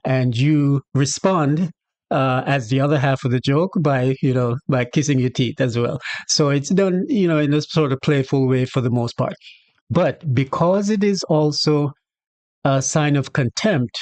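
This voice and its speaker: A man's voice: on the high side, measured pace, dry recording. Jamaican man explaining patois, chatty. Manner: relaxed, chatty, acts out little scenarios with quoted voices. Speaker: channel host teaching patois. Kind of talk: casual explanatory lesson to camera.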